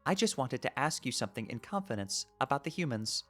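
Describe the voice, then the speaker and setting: Man doing a calm, proper troll girl. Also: medium pitch, soft background music, voice pushed up. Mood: measured. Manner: measured, proper, slightly formal. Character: calm, composed young female troll.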